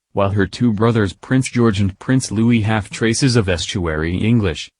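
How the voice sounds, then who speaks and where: A man narrates a news piece in a lowish voice. His delivery is steady and read-aloud. The recording is dry, with no room sound. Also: no room sound.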